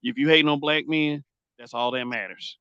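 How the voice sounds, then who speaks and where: A man's voice: on the high side, fairly even intonation, normal speed, clean tone, no room sound, muffled recording. A man hosting a casual podcast, talking bluntly and emphatically, repeating phrases as he builds his points. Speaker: host.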